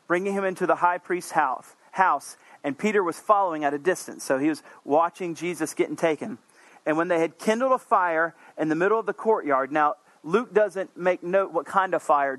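A man preaching a sermon in an earnest, conversational way, with asides, climbing to emphatic peaks and falling back low and quiet. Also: dry recording.

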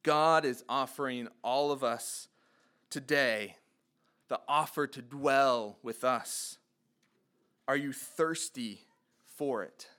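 A man's voice: medium pitch, takes it slowly, pauses often, bright, forceful tone, clear, resonant tone. A man preaching a sermon, reading scripture aloud and putting earnest rhetorical questions to his listeners. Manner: reads scripture aloud, rising in fervor on quoted cries.

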